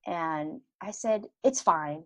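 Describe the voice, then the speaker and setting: A middle-aged woman with a lowish voice tells a personal story at a moderate pace as a guest in a casual podcast conversation, bringing the quoted dialogue to life with animated delivery. The recording is rough and has no room sound.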